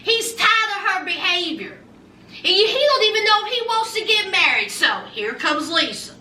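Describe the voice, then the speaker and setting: A woman in her forties with a very high, bright voice swings animatedly through a sassy reality-TV recap, hammering her points by repeating them. She sits a little back from the mic in an echoey room. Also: sing-song, normal speed, far from the mic, a little hiss or hum. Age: 40s. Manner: sassy, emphatic, repeats lines for effect. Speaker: TV show reviewer.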